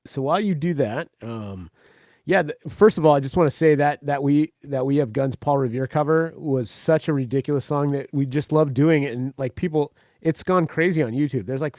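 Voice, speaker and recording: A man's voice: medium pitch, normal speed, darkish tone, dry recording, studio quality. A man, a guest on a podcast, telling stories in a wry, profane, casual way. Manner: wry storyteller, swearing. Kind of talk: casual chat.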